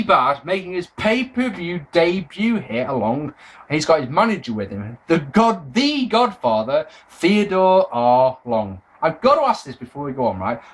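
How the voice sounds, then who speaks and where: A man giving a casual, sarcastic review of a wrestling show, ranting with exasperation and frequent swearing. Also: fairly high pitch.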